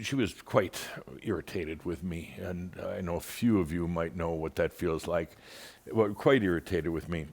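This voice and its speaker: A man's voice: sits low, a little mellow. A man giving a channeled spiritual talk in a theatrical, wry, teasing manner. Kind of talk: monthly spiritual gathering talk.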